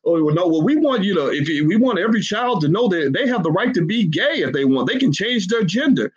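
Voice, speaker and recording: A man putting on a high, mocking voice as a smug, preachy male politician. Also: big pitch swings, fairly quick, husky, lo-fi sound, full character voice.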